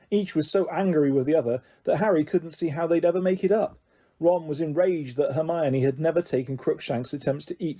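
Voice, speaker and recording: A man narrates a novel in a steady, measured way. His voice sits fairly high for a man and sounds husky and mellow, with no sharp edge. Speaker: audiobook narrator. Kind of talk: audiobook reading.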